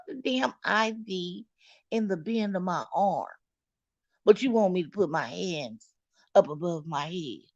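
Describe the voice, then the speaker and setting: Slow, candid woman telling a story. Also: on the low side, animated, no room sound, highs cut off. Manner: candid, dramatic, cursing, addresses viewers directly. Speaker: storyteller vlogger. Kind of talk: storytime recounting.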